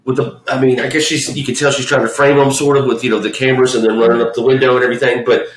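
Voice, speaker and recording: A man's voice: mid-range voice, level tone, very fast. Blunt, profane man in an echoey room. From Memphis, US South. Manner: blunt, profane, rambling with restarts. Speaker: podcast co-host. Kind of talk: casual profane film chat.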